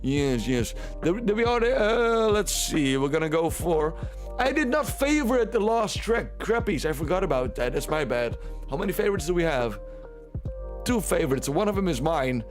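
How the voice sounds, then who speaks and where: A man's voice: a little high, big pitch swings, moderate pace, soft background music. Chatty Dutch-accented male streamer. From Netherlands. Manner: chatty, playful, repeats himself. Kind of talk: casual live-stream commentary.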